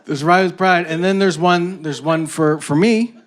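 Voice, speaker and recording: Male stand-up comic, slightly high voice, animated storyteller, live stage set. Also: normal speed. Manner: animated storytelling with shouted bits and voiced characters. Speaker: stand-up comedian. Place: comedy stage before a laughing audience.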